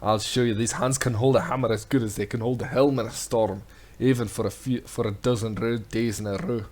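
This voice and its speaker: Man doing a loud gruff pirate-Scottish blacksmith for a game read, hearty and boisterous. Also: lowish voice, moderate pace, close to an everyday voice. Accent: put-on pirate-Scottish. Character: boisterous old sailor turned blacksmith, male.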